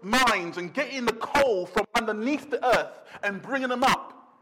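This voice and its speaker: A man preaching a sermon as pastor, emphatic, slowing down to stress words and dropping to a quiet intensity. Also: extremely high pitch.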